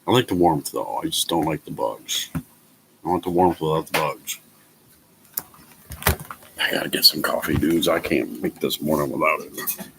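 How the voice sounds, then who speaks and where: Guy muttering and rambling outside, gravelly voice, bit of faint noise behind. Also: a bass voice, moderate pace, pauses often. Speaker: vlogger. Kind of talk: casual talk to camera. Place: outdoors.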